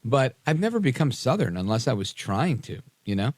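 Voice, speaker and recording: A man's voice: lowish voice, lively intonation, fairly quick, few pauses, a little mellow, no echo. A man hosting a live talk radio show, casual and sarcastic with frequent fillers, in a studio.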